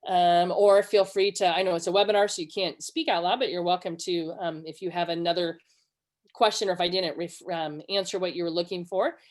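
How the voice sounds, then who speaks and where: Earnest woman teaching a webinar. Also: brisk. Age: middle-aged. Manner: earnest, acts out quoted dialogue with lively pitch jumps. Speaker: webinar presenter. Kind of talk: conversational teaching with personal stories.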